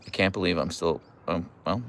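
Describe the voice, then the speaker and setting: A man's voice: low voice, fairly even intonation, fairly quick, creaky, fairly bright tone. A man from Pittsburgh with a Pittsburgh accent, chatting casually on a livestream, reading viewer comments and teasing. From United States. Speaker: livestream host reading chat.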